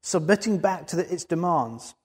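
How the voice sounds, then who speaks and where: A man's voice: sits high, expressive, normal speed, husky. A man preaching a sermon in an earnest way, building to emphatic peaks. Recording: long hall reverb.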